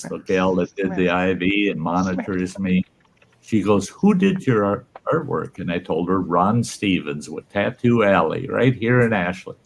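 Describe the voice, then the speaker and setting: A man casually telling a salty, folksy story, voicing the people in it with lively shifts. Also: on the low side, slight background noise. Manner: folksy, salty, animated when quoting others. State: undergoing cancer treatment. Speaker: channel host telling stories.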